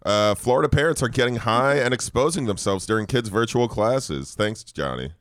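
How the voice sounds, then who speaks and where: A man's voice: mid-range voice, animated, moderate pace, a bit bright, no room sound, studio quality. A man co-hosting a podcast, joking around in crude casual banter, often restarting his sentences. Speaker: podcast co-host.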